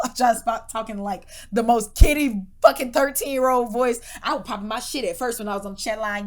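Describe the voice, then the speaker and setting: A woman's voice: a little high, fairly quick. A woman co-hosting a podcast, telling a story in casual, profane chat and acting out the people's voices. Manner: animated, profane, acts out voices in her stories; laughs hard, drops to whispers. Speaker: podcast co-host.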